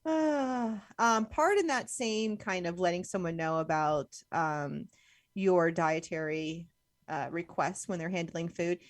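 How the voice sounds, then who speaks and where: A woman's voice: lowish voice, fairly even intonation, takes it slowly, dry recording, clean studio sound. Chatty young woman co-hosting a podcast. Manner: chatty, laughs often, many "like" fillers. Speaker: podcast co-host. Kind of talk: casual chat.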